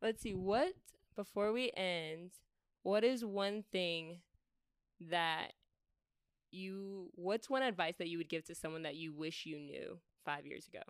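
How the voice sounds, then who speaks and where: Podcast host: young woman, playful and slangy, clean smooth tone, dry close mic. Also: fairly low pitch, measured pace, dry recording. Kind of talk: casual podcast interview.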